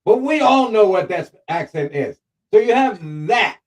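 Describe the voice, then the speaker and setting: A man hosting a relaxed talk show, his voice sitting a little higher than most men's. He talks in a playful, teasing way, quick to joke with his co-hosts. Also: low-quality recording. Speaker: host. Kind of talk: casual talk show chat.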